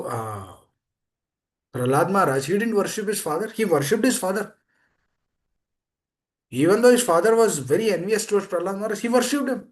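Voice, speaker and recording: A man giving a scripture class, emphatic and repetitive, speaking over a video call. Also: a little high. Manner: repetitive, emphatic, pleading "please understand". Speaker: preacher.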